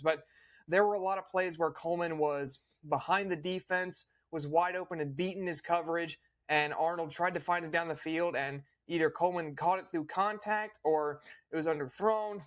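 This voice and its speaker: A young man hosting a casual recap, opinionated and fluent, with quick small restarts. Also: fairly high pitch. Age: young adult. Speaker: host.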